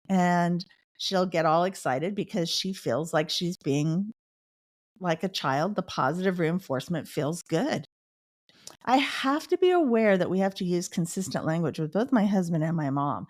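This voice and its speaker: A woman's voice: lowish voice, expressive, normal speed, a little mellow, no echo, studio quality. A middle-aged woman hosting a podcast, giving advice and telling personal stories earnestly. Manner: earnest storytelling, with the odd laugh. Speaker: podcast host.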